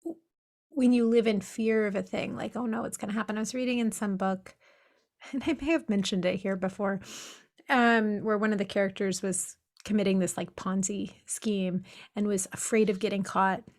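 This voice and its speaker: A woman's voice: medium pitch, fairly even intonation, normal speed, a little mellow. A woman co-hosting a podcast, talking casually and reflectively and telling anecdotes with frequent laughs. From Pacific Northwest of the US. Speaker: podcast co-host. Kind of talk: casual conversation.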